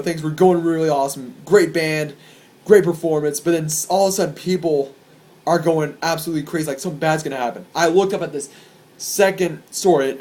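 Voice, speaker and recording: A young man telling wild concert stories to camera in a rambling, profane and excitable way. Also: on the high side. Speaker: vlogger. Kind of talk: casual storytelling to camera.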